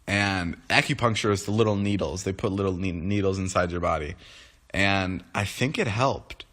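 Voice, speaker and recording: A young man in his twenties chatting on a livestream right after waking up, his voice sitting a little low. He rambles loosely, restarting sentences and filling gaps with "like" and "um." The talk is relaxed and unscripted, aimed straight at his viewers. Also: moderate pace. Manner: rambling, many restarts and fillers. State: just woken up. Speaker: livestream host. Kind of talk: casual livestream chat.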